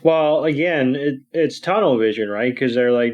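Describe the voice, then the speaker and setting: A man co-hosting a podcast, chiming in conversationally with quick interjections. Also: mid-range voice, darkish tone. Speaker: podcast co-host. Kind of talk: casual podcast chat. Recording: slightly muffled podcast mic.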